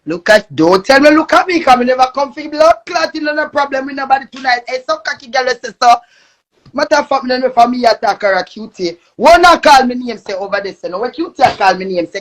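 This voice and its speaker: A young woman with a Jamaican accent ranting angrily on a live stream, cursing and shouting. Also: high voice, animated, brisk. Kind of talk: angry live-stream rant.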